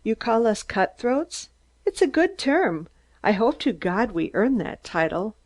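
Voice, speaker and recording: A woman reading an audiobook, voicing a stunted, excitable man who rants in shrill, staccato bursts. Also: measured pace. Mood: ranting. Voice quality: shrill, squeaky. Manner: screaming, staccato, gloating.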